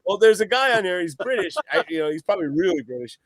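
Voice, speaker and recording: A man's voice: sits high, sing-song, quick pace, a crowd in the background. A man guest on a podcast chatting casually about a record, rambling, swearing and laughing often. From East Coast of the US. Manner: rambling, profane, laughs a lot.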